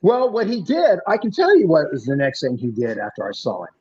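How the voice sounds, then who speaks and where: A male podcast host and former police officer telling a story in an animated, punchy way, acting out the dialogue. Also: fairly high pitch, a little fast. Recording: muffled lo-fi recording.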